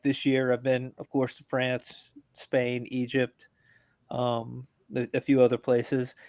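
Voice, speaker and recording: A man's voice: no room sound, studio quality. A man, a veteran guest on a podcast, talking casually and bluntly, joking as his voice climbs while he rants, over a video call. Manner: blunt, joking, gets louder and higher as he rants.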